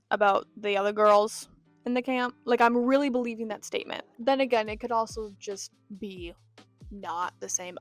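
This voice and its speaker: A young woman chatting casually in a reading vlog, rambling and self-deprecating, with quiet asides now and then. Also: mid-range voice. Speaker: book vlogger.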